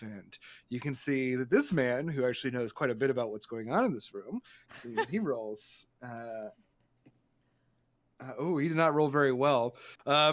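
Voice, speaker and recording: Game master, loose narration, lots of fillers, chuckling, medium pitch.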